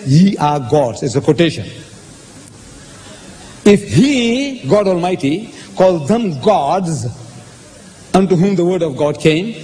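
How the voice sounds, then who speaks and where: A man lecturing on Bible verses, animated, quoting passages and posing rhetorical questions. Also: sits high, slight background noise. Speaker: lecturer on scripture. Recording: hall reverb with faint ambience.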